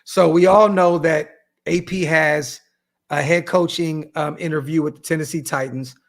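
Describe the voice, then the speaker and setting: Man, podcast host, gravelly, a bit high, casual, swearing. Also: steady tone, normal speed. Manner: casual, swearing, steering topics. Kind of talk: casual chat.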